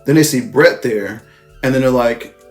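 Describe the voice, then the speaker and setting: A man's voice: medium pitch, moderate pace. Male reviewer with a mid-range voice for a casual, rambling plot recap, loose and profane, with faint music behind. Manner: rambling, profane, with frequent self-corrections. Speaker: movie reviewer.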